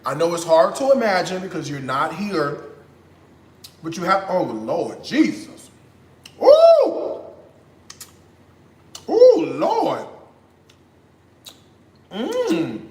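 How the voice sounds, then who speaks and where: A man hosting a casual cooking vlog, chatting straight to viewers and bursting into high whoops and moans of delight while he cooks in a kitchen. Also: animated, measured pace. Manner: chatty, addresses viewers directly. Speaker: cooking channel host. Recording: echoey room.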